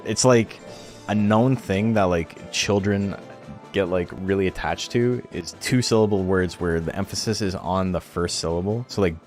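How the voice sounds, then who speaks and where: A man streaming a game tournament, chatting casually and rambling in a laid-back way, swearing now and then. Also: low-pitched.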